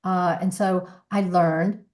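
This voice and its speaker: A woman's voice: lowish voice, level tone, slow, a little mellow. A woman in her sixties, a voice coach, talking earnestly and reflectively as a podcast guest, often restarting her sentences. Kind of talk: conversational interview.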